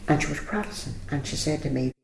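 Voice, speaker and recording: A woman's voice: sits low, animated, fast, vocal fry, a little hiss or hum. An older woman, reminiscing casually in an interview and retelling old conversations in a chatty storytelling manner. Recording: roomy echo.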